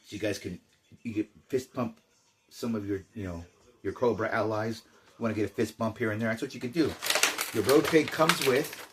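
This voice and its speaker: A man's voice: mid-range voice, noisy background. An older man chatting casually through a toy unboxing, rambling with jokey asides. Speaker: toy collector.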